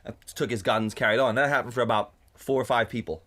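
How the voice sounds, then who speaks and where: A male co-host of a podcast relates a story at a quick pace in a mid-range voice, chatting casually into a condenser studio mic. Animated and prone to swearing, he raises his voice when imitating his partner.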